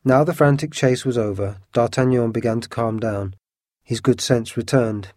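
A man reading an adventure story aloud as an audiobook in a steady, measured voice. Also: medium pitch, no echo, studio quality. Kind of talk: audiobook narration.

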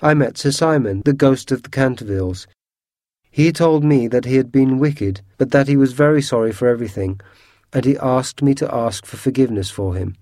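A man voicing a brave, kind young girl, earnest and gentle in a storybook reading. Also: medium pitch, a little fast, no echo, clean studio sound, close to an everyday voice.

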